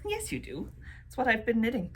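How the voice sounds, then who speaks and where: A woman's voice: on the high side, wildly swooping pitch, brisk, slight background noise. A woman co-hosting a knitting podcast, talking in a chatty way and laughing often. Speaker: podcast co-host. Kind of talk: casual chat.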